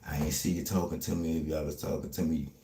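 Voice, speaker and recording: A man, talking fast and streetwise in a casual livestream chat, often asking "you heard me". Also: rumbling low, level tone, echoey room, background noise.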